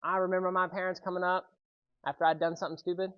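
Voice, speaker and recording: A man giving a youth sermon, telling a personal story with lively energy and often checking in with the audience. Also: sits high, quick pace, smooth, muffled recording. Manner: animated storytelling, keeps checking in with "right?". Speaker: youth speaker.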